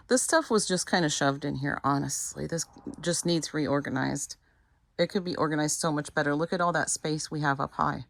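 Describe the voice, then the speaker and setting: A woman's voice: low-pitched, gravelly, fairly bright tone, dry recording. A middle-aged woman chatting casually to her viewers as she works at a storage unit, rambling and correcting herself as she goes. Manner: rambling, self-correcting, talks to viewers while working. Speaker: lifestyle vlogger. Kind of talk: casual chatty vlog narration.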